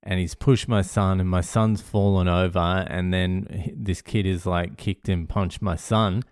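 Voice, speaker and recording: A man's voice: sits low, fairly even intonation, unhurried, darkish tone, smooth, no room sound, clean studio sound. A man telling a story to camera in a blunt, sweary way, getting worked up as he talks. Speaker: vlogger.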